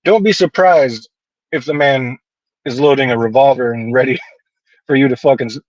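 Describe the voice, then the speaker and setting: A man's voice: mid-range voice, moderate pace, dry recording. A man guesting on a casual podcast tells his stories bluntly and swears a lot, with a mid-range voice. His audio sounds dull and a little lo-fi. It is also dry, with no room sound. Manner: blunt, profane, animated storytelling.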